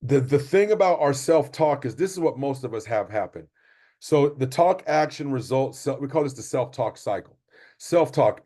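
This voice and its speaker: Middle-aged guy coaching parents, punchy repeating lines, average pitch. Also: expressive, normal speed, dark tone. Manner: repetitive, emphatic motivational delivery. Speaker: basketball coach. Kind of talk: parent training presentation.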